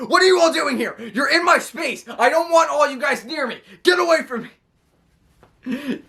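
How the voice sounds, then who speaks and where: A man putting on a petulant, high, squealing wrestler who is throwing a tantrum. His voice climbs well above the man's own already high voice and stays whiny and complaining throughout. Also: moderate pace, bright, forceful tone, exaggerated voice.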